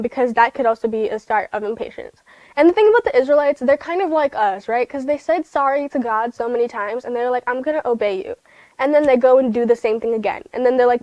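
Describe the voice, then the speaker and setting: A woman's voice: sits high, darkish tone, no echo, highs cut off. A woman giving a casual livestreamed Bible lesson to children, chatty and rambling, with lots of fillers and self-corrections.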